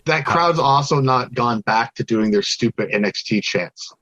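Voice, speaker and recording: A man's voice: medium pitch, normal speed, fairly bright tone, dry recording, muffled recording. A man co-hosting a casual wrestling review podcast, giving blunt and dismissive opinions. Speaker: podcast co-host.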